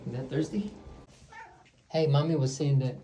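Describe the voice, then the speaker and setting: A man's voice: mid-range voice, steady tone, normal speed. A man filming at home, talking to his pets in a playful, teasing way, like he would to kids. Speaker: pet owner filming at home. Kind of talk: casual home video chat. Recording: noisy home video.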